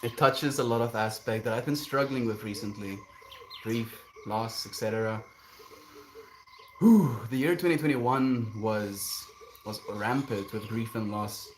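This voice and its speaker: A man streaming live, reading viewer comments aloud and answering them in a relaxed, chuckling way, sometimes drifting into gentle musings. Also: lowish voice, unhurried, a little hiss or hum. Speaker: livestreamer reading chat. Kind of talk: casual livestream chat.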